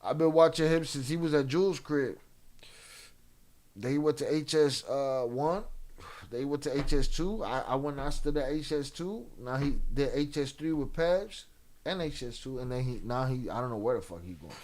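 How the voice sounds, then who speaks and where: A man's voice: medium pitch, moderate pace, darkish tone. Profane casual streamer, a man. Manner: loose, profane, mixes in Spanish slang. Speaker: streamer reacting and reading chat. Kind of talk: casual live-stream chat.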